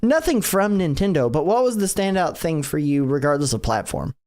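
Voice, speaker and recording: A man's voice: on the high side, very animated, a little fast, darkish tone. A tired man hosting a casual podcast, rambling and laughing often as he chats. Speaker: podcast host.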